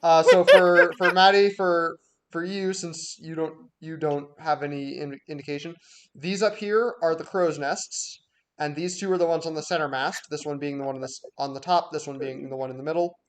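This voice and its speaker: Game master, male, a bit high-pitched, explanatory and full of ums. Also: fairly even intonation, normal speed. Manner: explanatory, with frequent filler words. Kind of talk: explaining a game map to players.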